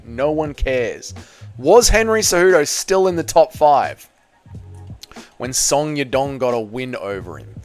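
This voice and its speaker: A young man streams live and banters easily with his viewers, reading their messages out and answering each one. His voice sits at a middling pitch, with faint music playing underneath. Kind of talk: casual live-stream chat.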